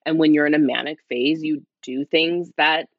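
A woman guest speaking quietly as she tells a candid personal story, rambling with lots of "like" and restarts. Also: deep voice, steady tone, moderate pace, no echo, muffled recording. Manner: rambling, heavy use of "like", restarts. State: speaking quietly, half-whispering. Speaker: interview guest.

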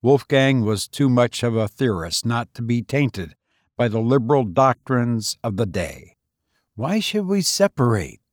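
Slow, measured male story narrator. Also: medium pitch, no echo, studio quality. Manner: measured, deliberate delivery. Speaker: podcast host and narrator. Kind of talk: scripted story reading.

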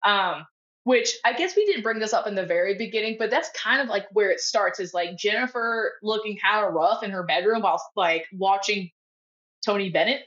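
A woman's voice: medium pitch, moderate pace, a bit bright, highs cut off. A woman guest co-hosting a casual podcast chat, swearing freely and acting out film lines in put-on voices. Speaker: guest co-host.

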